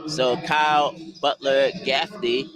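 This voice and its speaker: A man calling basketball play-by-play, brisk and excitable as he follows the action. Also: medium pitch, crowd noise, low-quality recording. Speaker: play-by-play announcer.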